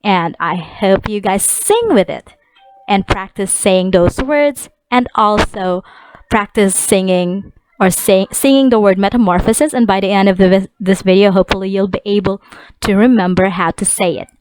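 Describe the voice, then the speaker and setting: A woman teaches an online class, saying each vocabulary word slowly and clearly so young students can repeat it. Her voice sits at a middle pitch. The recording is dry and close, with no room sound. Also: a little mellow, dry recording, rough recording.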